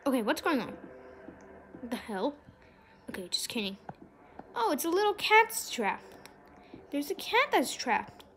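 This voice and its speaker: High, lively young female gamer. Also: a little slow, pauses often, a little hiss or hum. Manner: excitable, shrieks and exclaims often. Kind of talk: gameplay commentary.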